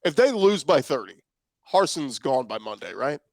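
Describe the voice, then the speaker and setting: A man's voice: a little high, very animated, moderate pace, darkish tone, no room sound. A man hosting a sports podcast in casual chat, easygoing and tossing questions over to his co-host.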